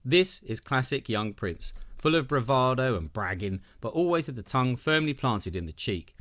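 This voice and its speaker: A man's voice: mid-range voice, animated, normal speed, fairly bright tone. A man giving scripted narration as a video essay host, with enthusiastic, wry commentary.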